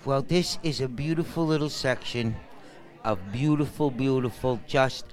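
A man's voice: mid-range voice, normal speed. A man hosting a casual comedy podcast, talking in loose, slangy patter. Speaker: podcast host. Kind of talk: casual chat.

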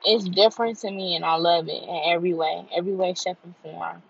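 A woman's voice: lowish voice, fairly even intonation, a little fast, vocal fry, a little hiss or hum. A woman vlogger talking in a candid, heartfelt freestyle monologue, repeating herself as she goes. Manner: candid, heartfelt, repetitive and conversational. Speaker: vlogger and podcaster. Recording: dull lo-fi recording.

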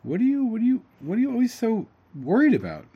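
A man voicing a giddy, childlike simpleton who is always cheerful and brags excitedly about being happy. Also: quick pace, breathy edge, lo-fi sound, exaggerated voice. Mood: gleeful. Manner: high, excited and boastful.

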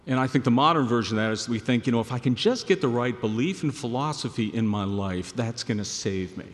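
A male pastor preaching a sermon, swelling to loud emphatic peaks and then dropping low and quiet. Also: brisk, big-room sound.

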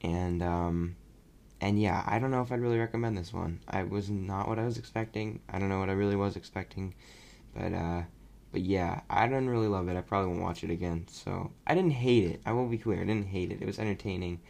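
A young man casually reviewing a movie on his podcast, rambling and animated. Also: low voice, fairly quick, gravelly. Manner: rambling, animated, mocking voices when quoting. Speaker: podcast host.

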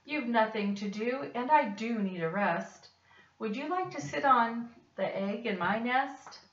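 A woman's voice: a little high, animated, measured pace, a bit bright. A woman voicing a lazy female bird who coaxes in a sing-song storybook voice. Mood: coaxing. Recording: dull, roomy, distant recording.

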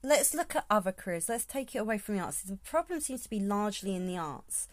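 A woman's voice: medium pitch, very animated, fast, no room sound. A woman hosting her podcast in a casual, rambling solo talk, thinking aloud as she goes. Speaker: podcast host.

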